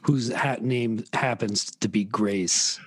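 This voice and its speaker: A man's voice: lowish voice, slow pace, breathy edge, no room sound. Rambling man on a dry mic. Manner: rambling, full of restarts. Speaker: podcast guest. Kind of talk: casual podcast chat.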